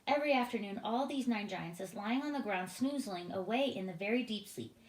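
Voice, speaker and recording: A woman's voice: medium pitch, lively intonation, brisk, close to an everyday voice. A woman voicing a kind male giant in a read-aloud storybook, speaking with jumbled grammar and made-up words. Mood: eager. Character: big friendly male giant, gentle, mangles his words. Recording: roomy echoing room.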